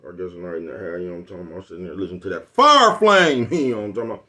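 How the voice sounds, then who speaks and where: A relaxed man talks straight to his own channel's viewers in a slightly low voice. He brags easily about his own skills, chuckles between phrases and loops back to the same catchphrase. He sounds unhurried and loose. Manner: laid-back, boastful, keeps asking "you know what I'm talking about". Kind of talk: casual rambling vlog talk.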